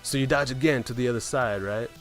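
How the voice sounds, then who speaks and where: Speaking quickly in a mid-range voice, a man tells a rambling, casual story about a game run, frequently adding "right?" and "man," with soft music playing behind him.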